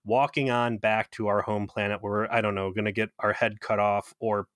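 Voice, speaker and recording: A man's voice: lowish voice, little pitch movement, fairly quick, fairly bright tone, no echo, clean studio sound, natural voice. A man mockingly voicing a lovesick alien woman who pleads earnestly with her lover. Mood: pleading.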